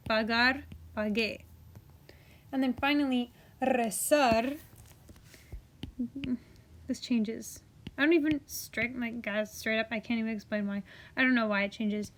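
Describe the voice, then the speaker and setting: A young woman teacher walks her class through a grammar chart, chatty and encouraging. Her voice sits a little high, and she talks at an unhurried pace, often trailing into soft whispered asides while she writes. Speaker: Spanish teacher. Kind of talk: classroom video lesson.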